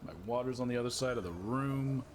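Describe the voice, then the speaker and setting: A man's voice: mid-range voice, brisk, slight background noise. A man giving casual gameplay commentary, chatty and thinking aloud, his throat dry from having just woken up. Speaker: gamer streamer.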